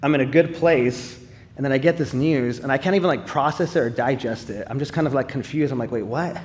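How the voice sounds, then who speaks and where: In church, a man shares his personal testimony live, telling his story earnestly and conversationally with casual fillers. His mid-range voice moves fairly quickly and sounds a little mellow.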